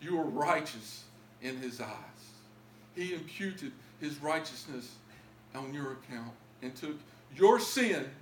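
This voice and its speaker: A man telling his own story as a testimony in a church, emotional and pleading at its high points. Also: echoey room, a little hiss or hum. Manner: emotional, rising to pleading highs. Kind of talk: testimony sermon.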